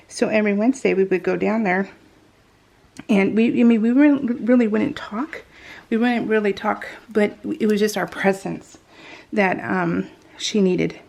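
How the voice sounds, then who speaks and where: A middle-aged scrapbooking vlogger tells a family story over a crafting video, chatty and laughing often while restarting her sentences many times. Her voice is medium in pitch, creaky and darkish in tone.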